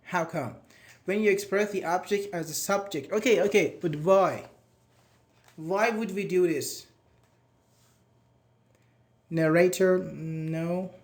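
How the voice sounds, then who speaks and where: Chatty male teacher, slightly high voice. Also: slow, pauses often. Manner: chatty, praises students by name, asks questions. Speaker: English teacher. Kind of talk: live online class, explaining grammar.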